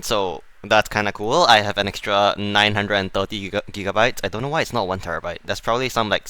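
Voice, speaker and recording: A young man with a lowish, bright and clear voice talks offhandedly over gameplay footage. He mocks his own mistakes on a dry, close mic. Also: no room sound. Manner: offhand, self-mocking, chuckling. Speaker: gamer. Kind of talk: casual gaming commentary.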